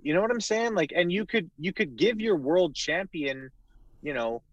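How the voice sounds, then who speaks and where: A man's voice: high voice, expressive, moderate pace, dry recording, muffled recording. A man in casual podcast chat about wrestling, blunt and opinionated, swearing freely and restarting sentences.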